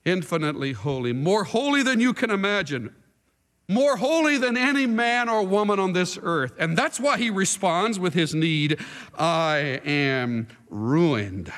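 A man preaching a sermon to a congregation, dramatic, moving from hushed tones to shouting. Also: high-pitched, lively intonation, moderate pace. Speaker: pastor. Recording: long reverb hall with faint music.

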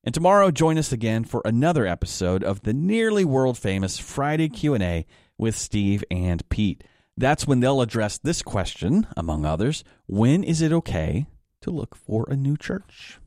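A man's voice: mid-range voice, very animated, normal speed, a little mellow, no echo, clean studio sound. Man reading a friendly radio promo. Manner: friendly, lightly joking read. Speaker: program announcer. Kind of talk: scripted radio announcement.

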